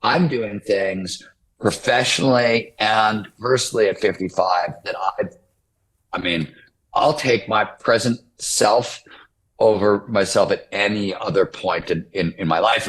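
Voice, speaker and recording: A man's voice: on the low side, unhurried, fairly bright tone, rough recording. A man in his fifties, a guest author in an interview, talking casually and rambling with many restarts. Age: 50s.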